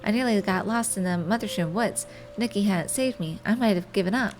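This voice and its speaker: A woman's voice: medium pitch, brisk, soft background music, close to an everyday voice. A woman reading the lines of an earnest young messenger in a game, speaking formally and from the heart.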